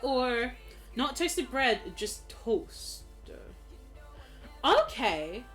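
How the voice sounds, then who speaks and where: A woman's voice: high-pitched, very animated, very slow, a bit bright, faint music behind. A young Australian woman streaming a game, chatting casually in a giggly, rambling way. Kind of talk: casual chat while gaming.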